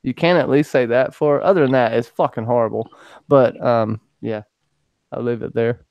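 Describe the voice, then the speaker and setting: Man shouting out a live chat. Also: mid-range voice, normal speed, gravelly, no echo, lo-fi sound. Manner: lively, joking, shouting out viewers. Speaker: podcast host greeting chat. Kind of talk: casual livestream chat.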